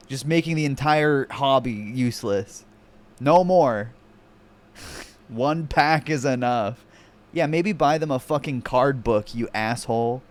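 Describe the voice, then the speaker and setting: A man's voice: medium pitch, takes it slowly, long pauses. A man streaming, reacting with sarcastic, profanity-laden mockery in casual commentary. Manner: profane, mocking, sarcastic rants.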